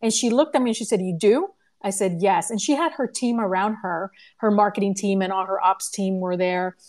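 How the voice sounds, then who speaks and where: Animated woman telling an excited story. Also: medium pitch, fairly quick. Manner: animated, laughing, acts out quoted voices. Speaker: conference organizer and podcast host. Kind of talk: casual storytelling in a live audio room. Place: home living room. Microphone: phone or computer mic in a live audio room.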